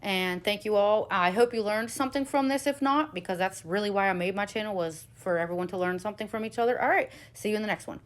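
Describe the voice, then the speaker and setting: A woman's voice: mid-range voice, fast, few pauses. A woman talking casually and candidly to her viewers in a rambling personal vlog, with lots of fillers and restarts. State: out of breath. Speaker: vlogger. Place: at work.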